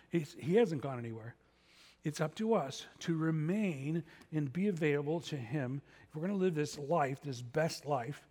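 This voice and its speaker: A man's voice: fairly high pitch, expressive, normal speed, dark tone. A middle-aged man preaching a sermon as pastor, conversational with self-deprecating asides. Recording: long reverb of a large hall.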